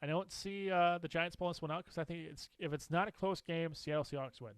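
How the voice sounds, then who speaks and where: A man co-hosting a casual sports talk show, animated and opinionated, laughing often as he makes his picks. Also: fairly high pitch, quick pace, clear, resonant tone, dry recording. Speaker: co-host.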